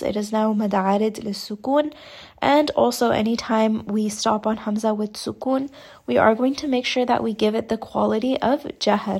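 A woman teaching Quran recitation in a calm, methodical way. Her voice has a gravelly, creaky edge. She walks through each rule slowly and carefully, demonstrating the sounds as she goes. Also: on the high side. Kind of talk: tajweed lesson with recited examples.

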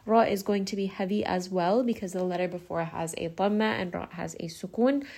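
A woman's voice: mid-range voice, gravelly, a little mellow. Patient woman teaching Quran recitation. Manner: patient, methodical, slows down to model recited words. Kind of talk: tajweed lesson, explaining and modelling recitation.

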